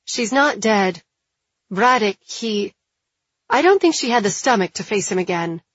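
A woman narrating an audiobook, voicing a tough, stubborn young woman who talks bluntly, with a husky tone. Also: mid-range voice, animated, unhurried, fairly bright tone, no room sound, dull audio. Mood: defiant. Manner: blunt, dismissive.

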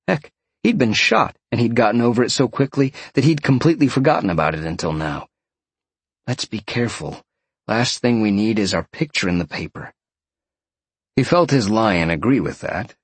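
A man narrating an audiobook in a lively storytelling way. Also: mid-range voice, slightly rough, no room sound.

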